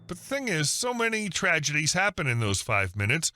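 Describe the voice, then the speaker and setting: Bright, high-pitched male story narrator. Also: fairly quick, few pauses, faint music behind. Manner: even, polished read with no fillers.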